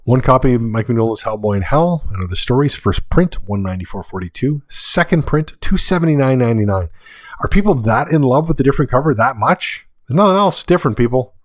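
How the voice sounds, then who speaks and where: A man's voice: medium pitch, animated, brisk, no echo. A man hosting a solo podcast, reading through a list of sale prices with dry asides, sounding tired late at night. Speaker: podcast host.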